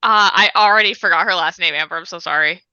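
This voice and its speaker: Very bright woman player, laughs at herself, muffled lo-fi mic a bit far off. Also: on the low side, fast, smooth, no echo. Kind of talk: casual tabletop game chat.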